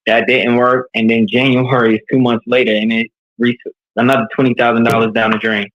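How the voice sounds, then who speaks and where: A man from New York speaking as a leadership coach, earnest and animated as he opens up in a candid interview. His voice sits at a middle pitch for a man. The sound is a little dull and lo-fi. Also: brisk.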